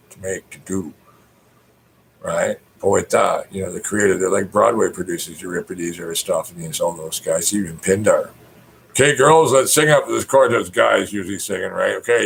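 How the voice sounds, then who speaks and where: Ranting profane man, low voice. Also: vocal fry, slight background noise, poor audio. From Canada. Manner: ranting and profane, mimicking others in raised voices. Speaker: poet. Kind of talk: rambling spoken monologue.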